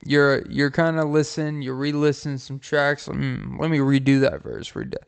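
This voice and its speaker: A man hosting a podcast who tells comic scenarios in a rambling, profane way, with pauses and "um"s. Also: mid-range voice, flat delivery, gravelly, clean tone. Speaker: podcast host. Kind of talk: comic storytelling.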